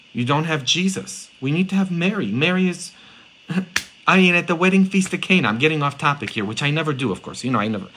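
Male priest, middle-aged, bright tone, lively sermon, rhetorical asides. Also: medium pitch, husky, low-quality recording. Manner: animated storytelling, rhetorical "huh?" tag questions.

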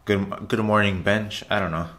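Deep-voiced man doing a casual gym vlog. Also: fairly even intonation, moderate pace, a bit bright. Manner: loose, repetitive, chatty, says "guys" often. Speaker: fitness vlogger. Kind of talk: casual voiceover over workout footage.

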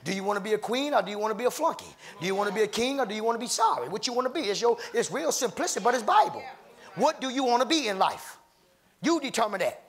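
A man preaching a sermon as pastor, rising into shouted, half-sung cadences and calling out to people in the congregation. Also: sits high, expressive, fast talker. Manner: calls out to congregation members by name.

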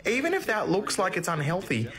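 A man's voice: high-pitched, wildly swooping pitch, brisk, fairly bright tone. A man with an Australian accent lecturing bluntly and crudely about food in a social-media clip. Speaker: TikTok health lecturer. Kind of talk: preachy social-media monologue.

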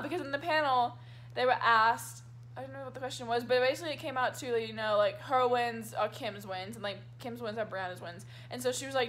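A young woman from Texas tells convention stories in a casual vlog. Her voice sits high and sounds bright and lively. She is excitable and giggly, and she acts out each quote as she goes. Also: brisk. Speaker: vlogger. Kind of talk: casual storytelling chat.

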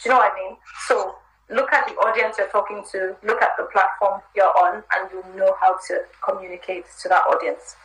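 Bright-voiced woman giving frank advice. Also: mid-range voice, little pitch movement, a little fast, a little hiss or hum. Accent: American. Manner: candid, chatty, advice-giving. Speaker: guest. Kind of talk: live chat interview. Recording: roomy live stream audio.

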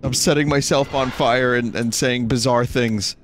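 A man's voice: mid-range voice, steady tone, normal speed, soft background music. A man streaming a horror game, giving casual commentary in a joking, self-mocking, rambling way. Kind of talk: casual let's-play commentary.

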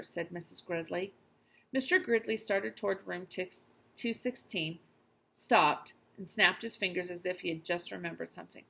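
Bright-voiced woman reading a storybook. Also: mid-range voice, normal speed. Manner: clear, expressive storytelling. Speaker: teacher. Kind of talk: reading a children's book aloud.

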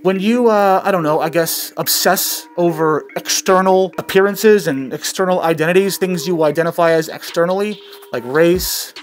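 A man with a notably high voice hosts his comedy commentary channel. He rambles through his points, stumbling and restarting sentences as he goes, with faint music under him. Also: moderate pace.

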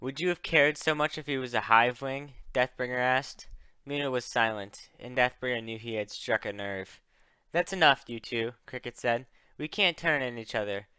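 Bright, crisp young man reading a story. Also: mid-range voice, normal speed, no echo. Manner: reads all characters, voices raised for dialogue. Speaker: fan fiction narrator.

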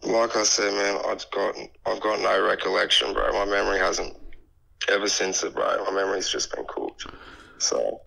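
Man, croaky and gravelly, a bit sick, laid-back, mumbly slang, sharp tone. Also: low voice, fairly even intonation, normal speed, rough recording. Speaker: prank call target.

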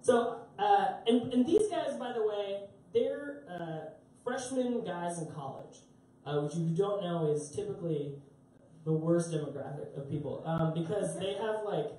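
A man's voice: sits high, lively intonation, unhurried, dark tone. A young man doing live stand-up, telling a rambling, self-mocking story with lots of fillers. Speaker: stand-up comedian. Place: concert club stage. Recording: roomy live club sound from a distance.

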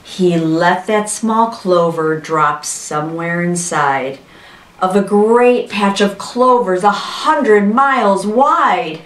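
Brief: unhurried woman storyteller for kids, gentle, playful asides, roomy sound. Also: medium pitch, lively intonation, far from the mic. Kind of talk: storybook reading for children. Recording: roomy, voice from off-mic.

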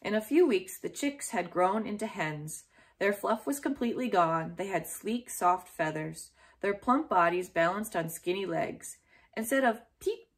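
A woman reading a children's chapter book aloud in a gentle, steady storytelling manner. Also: lowish voice.

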